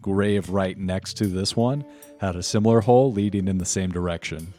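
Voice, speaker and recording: Man gm narrating the game, kinda halting, low voice, faint music behind. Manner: relaxed, halting with fillers. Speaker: game master.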